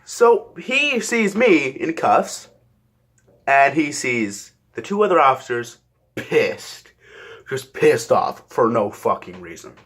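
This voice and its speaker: A man's voice: mid-range voice, big pitch swings, slow, a bit bright. A young man casually telling a rambling story, swearing often and correcting himself mid-sentence. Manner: profane, rambling, self-correcting.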